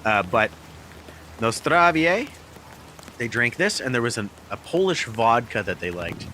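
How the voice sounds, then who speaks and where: A man's voice: mid-range voice, very animated, moderate pace, a little hiss or hum. A middle-aged man rambling casually about a beer in a vlog, with hesitant restarts, recorded outdoors. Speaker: beer review vlogger. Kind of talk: casual chat. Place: outdoors in heavy rain. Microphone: small mic on camera, outdoors. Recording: outdoor recording with loud rain. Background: rain pouring down.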